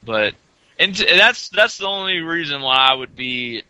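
A man's voice: on the high side, animated, normal speed, bright, forceful tone, clear, resonant tone, dry recording, rough recording. A man in casual podcast chat, hedging with many fillers while giving his opinion. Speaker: podcast co-host.

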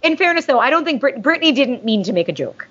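A woman's voice: sits high, big pitch swings, quick pace, a bit bright. A woman hosting a podcast, chatting casually and gushingly, with jokey asides. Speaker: podcast host reading listener mail. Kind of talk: casual fan chat. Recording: dull lo-fi sound.

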